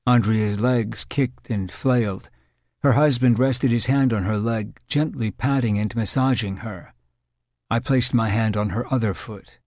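A man narrating an audiobook in a measured, clinical storytelling manner. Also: medium pitch, a little mellow, no echo, clean studio sound.

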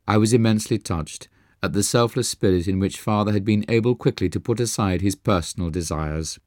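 Deep-voiced man reading a memoir. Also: a little mellow, no echo, studio quality. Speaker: narrator. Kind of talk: audiobook narration of a memoir.

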